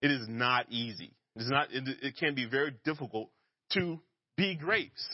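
A man preaching a relaxed, conversational sermon, joking and laughing at himself as he teaches. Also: medium pitch, moderate pace, no room sound, lo-fi sound. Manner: casual and self-deprecating, laughs at himself.

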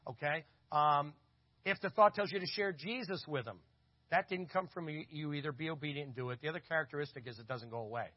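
Man, quick storytelling sermon, slightly high voice, dry dull lo-fi sound. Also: no echo. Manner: animated, acts out quoted voices. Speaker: conference speaker. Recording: dull lo-fi audio.

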